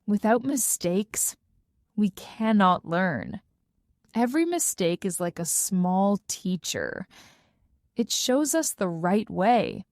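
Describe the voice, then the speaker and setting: A woman reads a simple first-person story for English learners, slowly and clearly. Her pitch moves a lot, rising and falling to carry the story. The recording is close and dry. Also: no room sound. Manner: clear, carefully paced, expressive. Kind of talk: slow scripted storybook narration.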